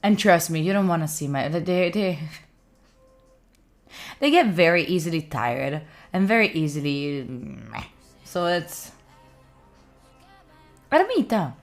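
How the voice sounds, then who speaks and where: A woman's voice: lowish voice, lively intonation, slow, long pauses, faint music behind. A young Italian woman with an Italian accent, chatting casually and playfully with her viewers on a study live stream. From Italy. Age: young adult. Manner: chatty, playful, mock-indignant, frequent fillers.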